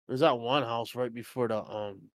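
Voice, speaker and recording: A man's voice: medium pitch, fairly even intonation, moderate pace, no room sound, clean studio sound. A man co-hosting a podcast in casual, rambling chat, swearing freely. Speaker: podcast co-host. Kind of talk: casual chat among friends.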